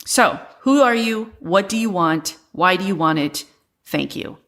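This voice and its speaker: A woman's voice: lowish voice, animated, measured pace, fairly bright tone. Woman explaining step by step. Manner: explains step by step, plain and practical. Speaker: podcast co-host. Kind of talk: casual chat.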